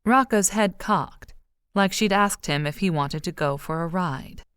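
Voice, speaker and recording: Low-voiced woman narrating an audiobook. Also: measured pace, a bit bright, clean tone, no room sound, clean studio sound.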